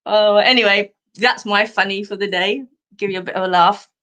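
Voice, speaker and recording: A middle-aged Australian woman talks a little fast in a mid-range, sharp-toned voice while hosting a live stream. Casual and chatty, she rambles through humorous stories with plenty of laughter.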